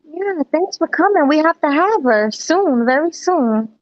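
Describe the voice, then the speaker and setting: A woman hosts a casual live panel, welcoming a guest and thanking viewers for their messages. Her voice sits fairly high. The audio is dry and dull, like a lo-fi stream. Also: lively intonation, unhurried, no room sound. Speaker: host.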